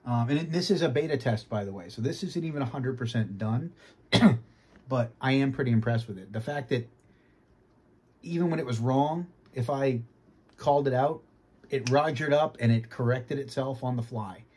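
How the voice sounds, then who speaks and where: A man from Boston with a faint Boston accent, giving an easygoing casual review from his home sim cockpit and often clearing his throat. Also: mid-range voice, moderate pace, darkish tone. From Boston, United States. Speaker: flight sim hobbyist.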